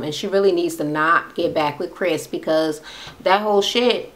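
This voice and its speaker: A woman's voice: on the low side, steady tone, measured pace, rough recording. Blunt, foul-mouthed woman recapping TV. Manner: blunt, sassy, swears freely. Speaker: reality TV recap vlogger. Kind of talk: casual profane recap.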